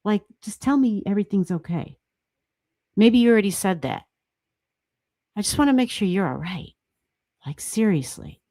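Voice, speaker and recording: A woman hosting a livestream, chatting casually as she reads charts, excitable and laughing often, with casual swearing. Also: mid-range voice, normal speed, long pauses, no echo. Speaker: astrology livestream host.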